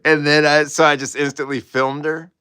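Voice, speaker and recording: Bright-voiced rambling man telling a story. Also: fairly high pitch, flat delivery, normal speed, clean tone, no echo. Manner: rambling, laughs often. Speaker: artist hosting a livestream. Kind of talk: casual storytelling.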